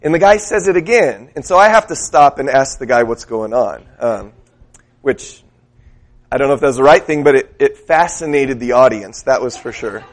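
A man preaching a sermon, telling a story in a relaxed, conversational way and putting questions to the congregation. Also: mid-range voice, normal speed.

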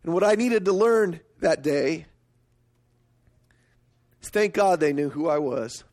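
High-voiced preaching man. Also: slow pace. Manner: storytelling, emphatic, rising to high excited pitch. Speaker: pastor. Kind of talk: sermon.

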